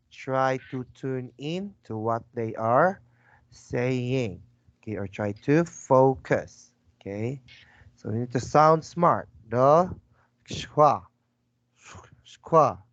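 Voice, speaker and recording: A male English teacher speaks slowly and patiently over a video call. He keeps prompting and repeating, checking that the student understands. The audio is dry and dull. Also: mid-range voice, dry recording. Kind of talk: online English lesson.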